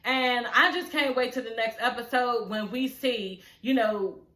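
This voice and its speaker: A woman giving a casual, animated recap of a reality show, cursing freely and laughing as she talks. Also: fairly high pitch, measured pace, reverberant, rough recording. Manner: animated, profane, laughing asides.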